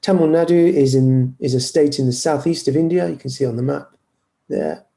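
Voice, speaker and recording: Guy lecturing on a video call, mellow warm voice, a bit halting, lots of ums. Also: medium pitch, gravelly. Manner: hesitant, apologetic, many fillers and restarts. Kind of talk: online lecture with screen sharing.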